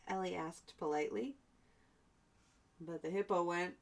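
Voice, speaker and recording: A woman teacher reading a picture book aloud to young children, chatty, pausing to add asides and explain words. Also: medium pitch, very animated.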